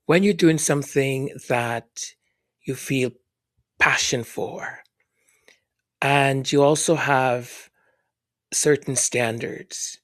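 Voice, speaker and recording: A man hosting a podcast who reads listener comments aloud, speaking softly and haltingly, often whispering his thanks and sounding moved. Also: mid-range voice, dry recording, studio quality. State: moved, emotional. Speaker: podcast host. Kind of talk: casual chat reading listener comments.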